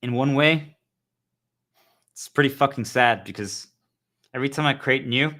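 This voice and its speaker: A man speaks straight to his viewers in a loose, rambling monologue. His voice sits at an ordinary pitch with a bright edge. He sounds earnest and keeps calling his audience guys. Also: normal speed. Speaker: spiritual vlogger.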